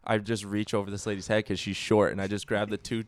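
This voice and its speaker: A man's voice: fairly low pitch, quick pace, dry recording. A young man telling a rowdy story in casual podcast chat, swearing a lot and acting out what people said. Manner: animated storyteller, swears a lot, acts out quotes.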